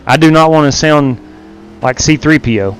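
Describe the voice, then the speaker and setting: A man's voice: on the high side, normal speed, a little hiss or hum. A man streaming a sim race live, chatting casually and greeting viewers by name as he drives. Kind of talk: live stream commentary while racing.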